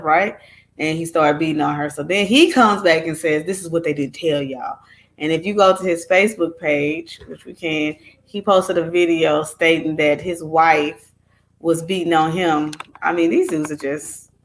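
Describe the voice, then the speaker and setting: A woman's voice: fairly low pitch, a bit bright. A woman hosting her own channel, commenting casually on clips she plays. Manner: chatty, reacting to clips. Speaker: channel host.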